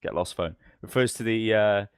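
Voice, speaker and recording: A man's voice: lowish voice, moderate pace, clean tone, dry recording, studio quality. A man co-hosting a podcast, telling long, rambling stories in casual chat. He swears freely and acts out the lines of the people in his stories. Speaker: podcast co-host.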